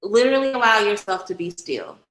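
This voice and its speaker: A woman's voice: mid-range voice, very animated, fairly quick, a bit bright, echoey room, rough recording. A woman hosting a casual livestream, chatting directly with viewers and giving a tarot reading, swearing freely. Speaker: spiritual reader and livestream host.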